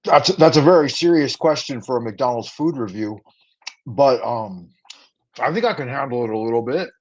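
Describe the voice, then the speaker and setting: Man, livestream host, casual food review chat, playful rhyming patter, mid-pitched, slightly dull lo-fi stream audio. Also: lively intonation, moderate pace. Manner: playful, rhyming patter, chatty asides to viewers. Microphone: livestream setup.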